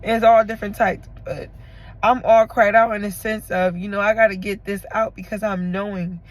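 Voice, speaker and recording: A woman talking to her camera in an emotional confessional vlog, tearful and halting as she rambles through her feelings. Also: mid-range voice, steady tone, poor audio. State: tearful from crying. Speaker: vlogger.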